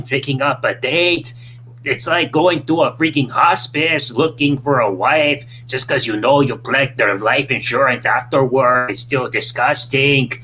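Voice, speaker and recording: Guy putting on a drawn-out ranting wrestling preacher type, mock canadian accent, bright voice, bit of noise behind. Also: mid-range voice, natural voice. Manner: slow drawn-out ranting delivery. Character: male Wrestling Jesus character, brash Canadian-style ranter.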